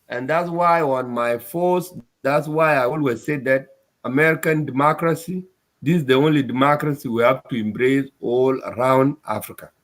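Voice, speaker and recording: A man from Sudan, giving an upset, emphatic address to his community and repeating his points. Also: mid-range voice. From South Sudan. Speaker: community speaker.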